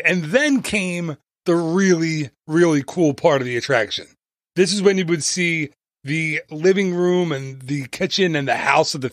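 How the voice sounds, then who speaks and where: A man's voice: fairly high pitch, fairly bright tone, dry recording. A man hosting a travel podcast, talking casually and playfully with jokey asides and tangents, into a close mic.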